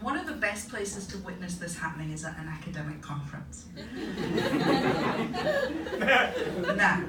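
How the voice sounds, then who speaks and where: A woman's voice: on the low side, wildly swooping pitch, slow, pauses often. A woman academic performing a stand-up comedy set, telling stories in a wry, punchy way on stage before a live audience. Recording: echoey live venue, distant mic, noisy. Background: audience laughter and room ambience.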